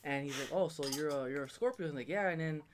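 A man's voice: on the high side, noisy background. A man telling a story about his girlfriend in a casual chat, rambling and acting out quotes. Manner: fast, rambling, acts out quotes.

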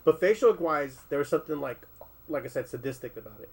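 A man's voice: a little high, expressive, fast, vocal fry, darkish tone, breathy edge, low-quality recording. A man in a casual conversation, thinking aloud with many restarts, fillers and some swearing. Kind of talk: casual discussion.

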